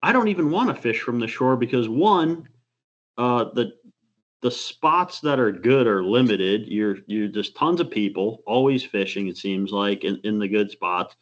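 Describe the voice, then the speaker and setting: A man's voice: fairly low pitch, unhurried. Male co-host, chatty and rambling, medium voice, a little muffled recording. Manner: rambling, animated storyteller. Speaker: podcast co-host. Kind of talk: casual chat.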